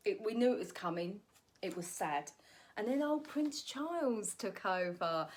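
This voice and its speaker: A woman's voice: medium pitch, expressive, measured pace, slight background noise. A woman, a comedian delivering a rambling comic monologue and correcting herself as she goes. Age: 40s. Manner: rambling, cheeky, self-correcting.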